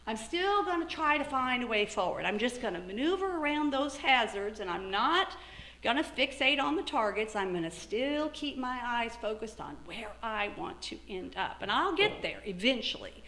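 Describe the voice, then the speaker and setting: Animated woman speaker in a roomy hall. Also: on the high side, normal speed. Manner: animated, quotes herself in lively asides. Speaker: keynote speaker. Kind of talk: motivational talk. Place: lecture hall.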